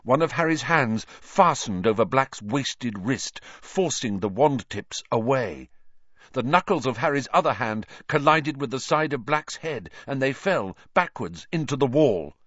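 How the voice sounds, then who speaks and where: A man narrating an audiobook with a dramatic, lively reading. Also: medium pitch, unhurried, no room sound, dull audio.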